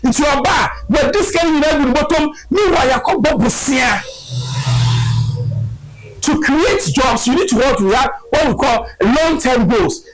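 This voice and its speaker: A man with a Ghanaian accent gives an impassioned political speech, shouting rhetorical questions and slipping into Twi phrases. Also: very high voice, animated, a little slow, poor audio. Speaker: political commentator. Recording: loud music bed behind voice. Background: loud music.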